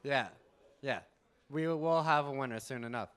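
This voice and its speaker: A man's voice: medium pitch, moderate pace, a bit bright, clean tone. A man hosting a live university poetry slam, joking with the crowd and counting down to each poet. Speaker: slam emcee. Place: university event hall.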